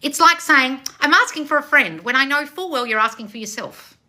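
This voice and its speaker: A woman manifestation coach on a live stream, loud and passionate, blunt and confrontational, swearing freely and calling listeners darling. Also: high voice, animated, brisk. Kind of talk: live-streamed coaching with read-out viewer questions.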